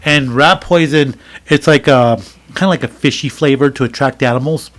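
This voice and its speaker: Telling a story on his podcast, the middle-aged co-host chats casually, rambling animatedly with plenty of fillers and do-overs. His pitch is medium and his pace normal.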